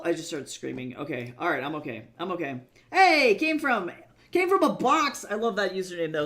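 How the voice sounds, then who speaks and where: A man streaming as a webcomic artist, chatting casually and thinking out loud in a rambling, self-deprecating way as he works. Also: fairly high pitch. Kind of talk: casual livestream chat while drawing.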